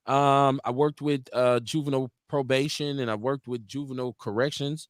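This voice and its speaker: A man's voice: mid-range voice, fairly even intonation, moderate pace, no room sound, studio quality. A man from Milwaukee hosting a casual talk show, speaking in a loose, profane way and laughing often. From Milwaukee, Wisconsin. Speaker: radio show host. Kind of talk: casual chat.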